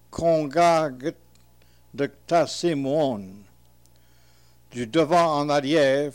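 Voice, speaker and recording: Slow, measured man reading word lists. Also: on the high side, darkish tone, clean tone. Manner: measured, deliberate, pauses between terms. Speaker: reader translating an old dictionary.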